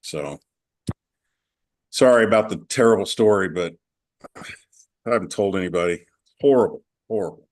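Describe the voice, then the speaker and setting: A man with a low voice talks casually on a video call. He is chatty and candid, and he rambles as he tells a story. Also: moderate pace, long pauses, a little mellow. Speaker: coaching client.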